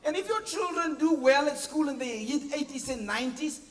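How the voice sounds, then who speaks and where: In a large church hall with long reverb, a pastor delivers a sermon in a very high, piping voice, speaking expressively at a moderate pace. He asks the congregation for agreement in call-and-response and acts out everyday family scenes with playful mimicked voices and sound effects.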